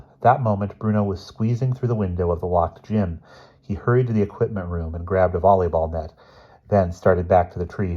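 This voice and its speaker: Low, husky male reader for a children's book, steady. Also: a little fast. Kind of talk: reading a children's novel aloud. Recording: dull lo-fi recording.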